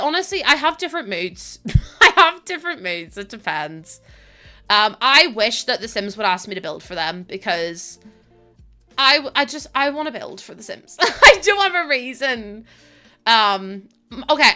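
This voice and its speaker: A woman's voice: fairly high pitch, sharp tone. A woman with a Northern Irish accent chatting casually on a live stream, laughing often and thanking viewers by name. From Northern Ireland.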